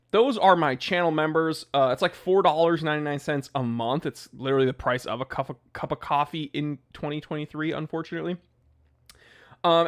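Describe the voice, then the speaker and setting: Joking, ranting man hosting a livestream. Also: fairly high pitch. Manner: joking, ranting, reads chat names aloud. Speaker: watch channel host. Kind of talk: casual livestream chat. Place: home office.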